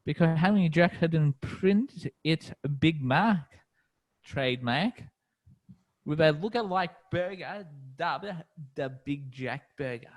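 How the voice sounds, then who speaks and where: A man with an Australian accent, co-hosting a podcast in easygoing, halting casual chat. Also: fairly high pitch, expressive, muffled recording. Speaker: podcast co-host.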